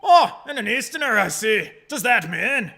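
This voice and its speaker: A man voicing a brawny, hostile male prison governor in a game, speaking loudly and gruffly with a put-on Scottish-style brogue. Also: sits high, very animated, normal speed, voice pushed up, heavily acted.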